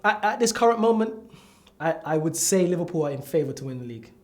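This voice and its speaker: A man in a casual football chat who talks quickly and emphatically, sure of his predictions. His voice sits fairly high for a man. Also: animated. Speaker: podcast co-host. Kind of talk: casual banter among friends.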